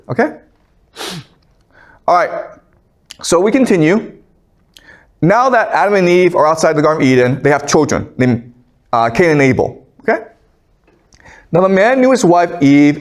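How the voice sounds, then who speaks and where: Male professor lecturing, fairly high voice, conversational, checks in with "okay?". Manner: conversational, keeps asking "okay?"; reads scripture aloud between explanations. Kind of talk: classroom lecture.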